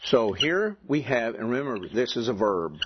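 A man's voice: medium pitch, very animated, moderate pace, lo-fi sound, background noise. A man teaching Greek grammar to a class, patiently repeating the rules and asking the students questions. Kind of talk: classroom lecture.

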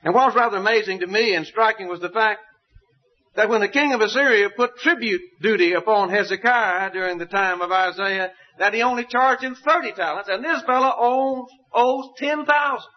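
Guy preaching a sermon, folksy and emphatic, pitch swings way up and down, kinda muffled old recording. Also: fairly quick.

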